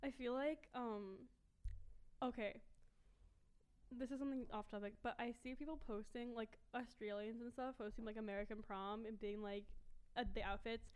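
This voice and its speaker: Rambling teenage girl, fairly high voice. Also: steady tone, moderate pace, darkish tone, clean tone. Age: teens. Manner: rambling, lots of fillers. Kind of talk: casual chat.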